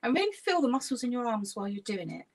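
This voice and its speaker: A woman, a laughter yoga leader gently guiding an online exercise class through stretches and breathing. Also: fairly high pitch, sing-song, fast talker.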